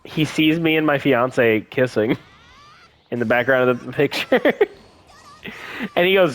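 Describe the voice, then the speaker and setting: Animated young man retelling a story. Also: medium pitch, measured pace, long pauses. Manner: animated storyteller, acting out quotes. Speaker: gaming channel co-host. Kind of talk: casual chat.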